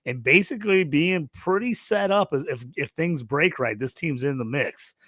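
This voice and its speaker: A man's voice: on the high side, lively intonation, moderate pace, fairly bright tone, no echo, studio quality. A man hosting a casual sports podcast, talking with enthusiasm and thinking aloud as he goes. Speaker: podcast host. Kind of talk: casual chat.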